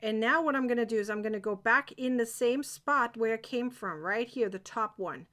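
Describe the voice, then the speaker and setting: A woman leads a live crochet tutorial in a chatty, excitable way, stopping often to check that everyone is keeping up. Her voice sits a little high. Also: normal speed. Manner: chatty, encouraging, excitable, asks viewers if they follow. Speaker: crochet teacher.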